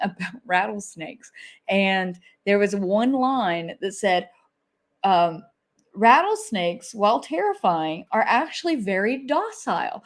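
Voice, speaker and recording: Woman, mid-pitched voice, co-host on a live stream, emphatic storyteller, casual. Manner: vivid recounting, emphatic repetition.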